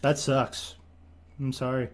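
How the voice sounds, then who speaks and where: Deadpan monotone man hosting a stream. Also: medium pitch, takes it slowly, over a noisy crowd. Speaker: streamer host. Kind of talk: casual chat on a stream.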